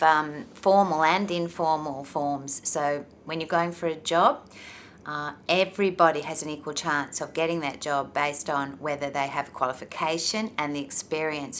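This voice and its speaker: Low-voiced woman explaining. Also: slight background noise. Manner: relaxed, explanatory, with frequent ums. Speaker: interviewer and university presenter. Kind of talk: informative talk and interview questions.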